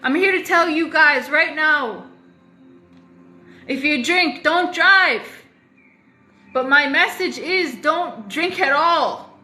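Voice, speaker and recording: A woman's voice: high voice, takes it slowly, sharp tone, echoey room, faint music behind, poor audio. A woman talking straight to her viewers in a confessional vlog, emphatic and repeating phrases for weight, with the odd swear. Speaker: vlogger. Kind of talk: confessional talk to camera.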